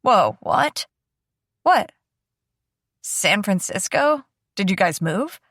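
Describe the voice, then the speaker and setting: A woman voicing an easygoing teenage boy who gently teases, in an audiobook. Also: medium pitch, big pitch swings, slow pace, no echo, studio quality, exaggerated voice. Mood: curious.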